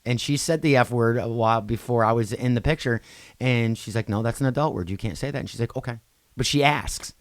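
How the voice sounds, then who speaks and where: A man co-hosting a podcast in casual chat, getting loud and animated when he tells a story, then dropping low. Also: a little fast, no echo. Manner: animated, swings loud for quoted outbursts, then drops low. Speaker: podcast co-host.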